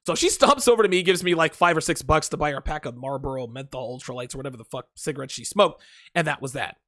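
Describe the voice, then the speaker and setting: A man's voice: fairly high pitch, fast talker, a bit bright, no room sound, studio quality. Crude, profane male stream host. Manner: emphatic, repeats himself. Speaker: dating advice host. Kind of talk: solo livestream monologue.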